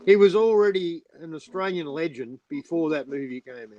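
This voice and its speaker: Animated man on a livestream panel. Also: fairly high pitch, normal speed, dry recording, muffled recording. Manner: animated, swears often, insistent. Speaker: panel guest. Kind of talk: casual livestream chat.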